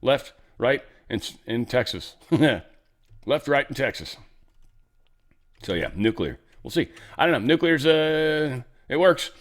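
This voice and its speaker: A man's voice: medium pitch, lively intonation, unhurried. Sarcastic, rambling male commentary host. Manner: loose, sarcastic, rambling, drops into mock voices. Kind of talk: casual political commentary.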